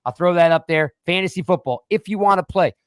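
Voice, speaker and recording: A man's voice: sits high, a little fast, clear, resonant tone, no room sound. A man in his forties hosting a casual live-stream chat, rambling and joking, with frequent restarts. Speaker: podcast host.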